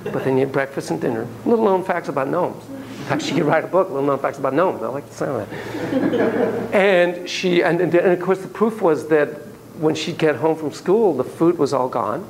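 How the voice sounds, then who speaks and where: A man lecturing a class, telling stories in an animated, playful way and acting out sound effects. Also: on the high side, normal speed, creaky, background noise.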